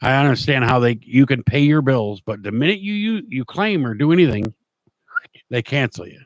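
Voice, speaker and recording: Middle-aged male host, plain-spoken rambling storyteller, mid pitch, dry close sound. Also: animated, normal speed, no room sound. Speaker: show host. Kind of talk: casual storytelling monologue.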